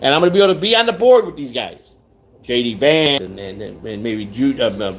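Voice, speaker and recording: A man's voice: mid-range voice, expressive, a little fast. A man hosting a rambling livestream chat, repeating himself, restarting sentences and reading viewer comments aloud. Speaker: livestream host.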